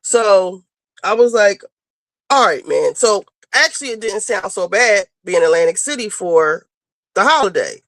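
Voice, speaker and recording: A podcast co-host tells a rambling, casual story on a chat show, full of fillers and swearing, speaking into a clip-on mic as she moves around indoors and then heads out. Her voice is medium-pitched with a moderate pace and no echo.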